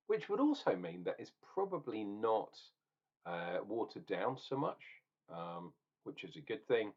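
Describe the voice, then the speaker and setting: A man's voice: on the low side, slightly rough, highs cut off. A man ranting and tasting beer in a casual review vlog, opinionated and swearing now and then.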